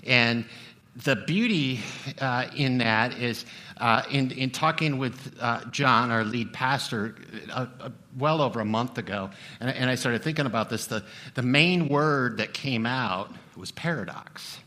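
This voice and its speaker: A man's voice: medium pitch, unhurried, pushed and bright. A middle-aged man preaching a sermon as a pastor, talking conversationally and joking with the congregation. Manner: conversational, humorous asides to the congregation.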